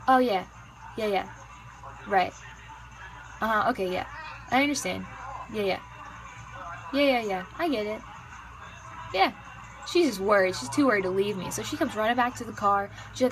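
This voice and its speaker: A woman's voice: on the high side, lively intonation, moderate pace, fairly bright tone, slight background noise, poor audio. A woman interpreting a signed story into spoken English in a casual, filler-heavy manner. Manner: casual, many repeated fillers like "yeah, yeah". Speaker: ASL interpreter.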